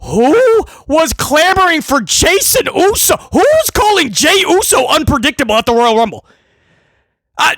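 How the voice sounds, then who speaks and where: High-pitched man ranting sarcastically. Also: no room sound. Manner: ranting, sarcastic, shouting at times. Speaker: wrestling commentator. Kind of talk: heated opinion rant.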